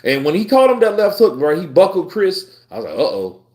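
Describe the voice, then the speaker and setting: A man hosting a live boxing stream, chatting casually with his viewers in a blunt, profane, animated way. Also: sits high, fairly quick. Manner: animated, profane, talks back to chat. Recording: roomy echo.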